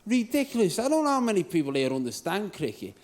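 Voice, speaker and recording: A man's voice: high voice, sing-song, fast talker, darkish tone. A man from England doing a stand-up comedy set on a club stage, rambling and sweary with mocking asides.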